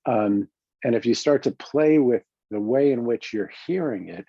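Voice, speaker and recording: A man with a New York accent, a coach talking through self-help exercises in a calm, reflective way with many pauses and restarts. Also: mid-range voice, creaky, slightly rough, dry recording, muffled recording. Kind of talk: self-help teaching talk.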